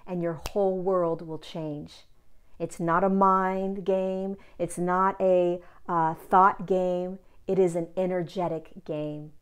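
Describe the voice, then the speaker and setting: A woman hosting her own channel, giving a spiritual self-help talk in an earnest, gently instructive way that often repeats key points. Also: on the low side, clear, resonant tone.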